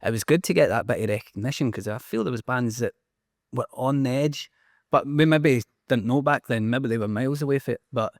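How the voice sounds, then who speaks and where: A man with a Scottish accent, a band member, talking in a relaxed, easygoing way in an interview. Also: medium pitch, fairly quick, no room sound, clean studio sound. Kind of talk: casual interview.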